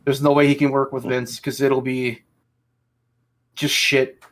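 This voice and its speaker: A man's voice: medium pitch, level tone, a little slow. A man hosting a casual podcast chat, ranting angrily and swearing heavily. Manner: angry ranting, heavy swearing. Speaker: podcast host.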